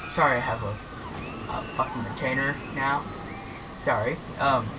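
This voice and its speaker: A woman with a low-pitched yet bright, forceful voice chats casually through a vlog ranking roller coasters. She speaks haltingly, filling pauses with frequent fillers and restarting her sentences. She sits at a distance from the mic, with a faint hiss behind her.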